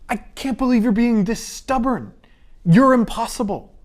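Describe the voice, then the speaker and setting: A man's voice: medium pitch, steady tone, slow. A man doing a nervous stammering surveyor. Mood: exasperated pleading. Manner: hesitant, stammering, then pleading.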